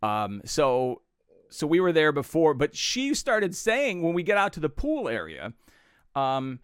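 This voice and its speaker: A man co-hosting a casual podcast, telling stories in an animated way and laughing at himself. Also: on the high side, measured pace, clear, resonant tone, no room sound, studio quality. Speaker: podcast co-host.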